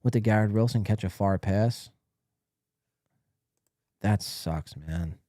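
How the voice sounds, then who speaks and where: A man's voice: lowish voice, slow pace, dark tone, no echo, studio quality. Blunt profane male stream host. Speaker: live stream podcast host. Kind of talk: casual ranting commentary.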